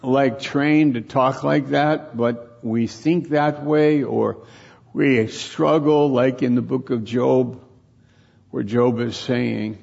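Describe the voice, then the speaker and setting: A man preaches slowly in an informal sermon, his voice gravelly and husky. He pauses and restarts his words as he thinks aloud. The recording sounds dull and lo-fi. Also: medium pitch, steady tone, darkish tone. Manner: halting, repeats and restarts words while reflecting.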